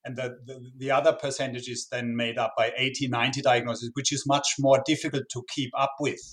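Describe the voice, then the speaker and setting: A man's voice: medium pitch, little pitch movement, brisk. A man giving expert answers in a podcast interview, earnest and often repeating words as he starts a phrase. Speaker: medical expert guest.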